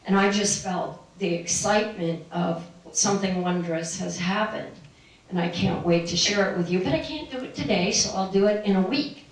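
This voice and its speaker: A woman's voice: mid-range voice, normal speed. A middle-aged woman telling a personal spiritual story to a live audience, meandering and laughing often. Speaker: spiritual speaker. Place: room with an audience. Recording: very echoey room, distant mic.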